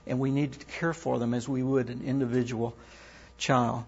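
A man's voice: mid-range voice, little pitch movement, husky. A middle-aged man in ministry giving an earnest sermon-style talk, reading scripture and verse aloud. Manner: earnest, reads scripture and poems aloud with pauses. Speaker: ministry worker. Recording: dull lo-fi recording.

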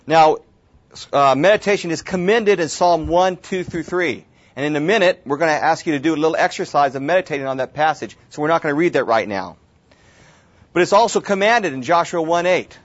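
Teaching a Bible study class, a man talks fairly quickly in an animated, higher voice. He restarts and repeats words and makes casual asides to the group, all in a dull lo-fi room recording.

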